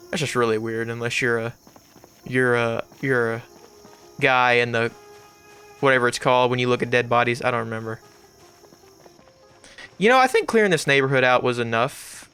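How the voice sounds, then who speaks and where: A man rambling through casual let's-play commentary as a gaming YouTuber, with sudden loud outbursts and swearing. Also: mid-range voice, clean tone.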